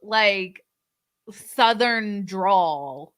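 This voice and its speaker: Slow-talking, bright-voiced woman from Florida. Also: medium pitch, lively intonation. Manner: unhurried, laughs often. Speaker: co-host. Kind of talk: casual chat.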